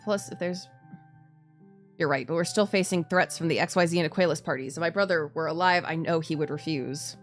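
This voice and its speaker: A VTuber streamer with a deep voice chats fairly quickly while playing a game, faint music behind her. Her casual gaming commentary is full of restarted sentences and frequent laughter.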